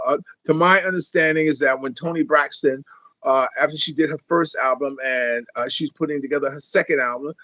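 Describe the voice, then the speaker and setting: A man's voice: on the high side, fairly bright tone, no echo. A man hosting a music show, chatting casually between songs in a rambling way, full of fillers and little chuckles.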